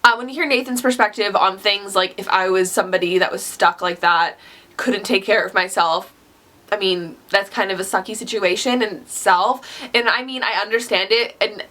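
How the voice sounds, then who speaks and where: Young woman vlogging a book review, crisp bright voice, super chatty and gushy. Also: medium pitch, normal speed. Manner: chatty, gushing, with filler "like". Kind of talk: casual book review talk.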